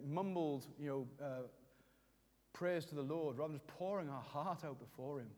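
A man's voice: on the high side, a little mellow, long reverb tail. A middle-aged man preaching a sermon, emotionally acting out prayers and speaking to the congregation. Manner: emotional, voicing prayers aloud with rising intensity. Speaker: pastor.

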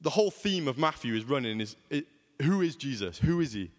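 A man's voice: medium pitch, very animated, fairly quick, long reverb tail. A young man preaching a sermon in a conversational way, often asking rhetorical questions.

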